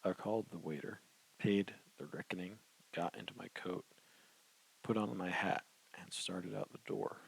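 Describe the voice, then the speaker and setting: एक आदमी उपन्यास को पहले पुरुष में धीमे, गंभीर अंदाज़ में पढ़कर सुना रहा है।. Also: male voice, sits low, steady tone, normal speed, creaky, breathy edge, rough recording. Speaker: audiobook narrator. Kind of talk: first-person novel narration.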